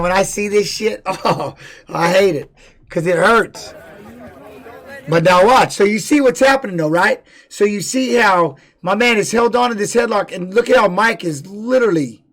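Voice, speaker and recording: A man's voice: high-pitched, normal speed, fairly bright tone. A man giving casual live-stream commentary on fight videos, blunt and profane, repeating words for emphasis.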